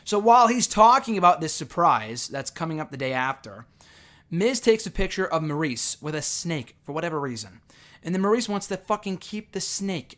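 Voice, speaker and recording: A man's voice: on the high side, fairly bright tone. A young man casually recapping a reality show episode, rambling with frequent fillers and self-corrections. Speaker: show reviewer.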